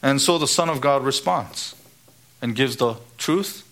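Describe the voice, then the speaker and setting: A male preacher delivering a sermon at a medium pitch. He quotes the scriptures and preaches with emphasis, lifting his voice to stress a point and sinking low on key words. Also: a little slow, a bit bright.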